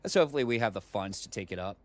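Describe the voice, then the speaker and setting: A man's voice: on the low side, animated, very fast. A man streaming a video game, chatting casually in a rambling way with plenty of fillers and asides, at home on a desk mic. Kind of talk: casual let's-play commentary.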